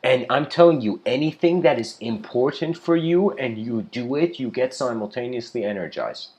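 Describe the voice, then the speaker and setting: A man giving a casual lecture in a rambling, relaxed way, often laughing and saying "you know". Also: mid-range voice, moderate pace.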